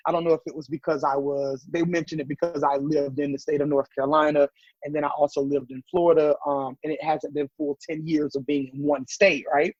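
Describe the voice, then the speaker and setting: Southern man, husky and animated. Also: fairly high pitch, brisk, dry recording. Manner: animated storyteller acting out quoted voices. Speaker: podcast guest, business owner. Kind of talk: casual interview chat. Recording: dull, slightly muffled podcast audio.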